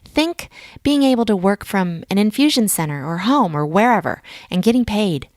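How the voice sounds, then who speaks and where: A woman's voice: mid-range voice, animated, moderate pace, a little mellow, no echo. A woman hosting a podcast interview, chatty and upbeat. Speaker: podcast host.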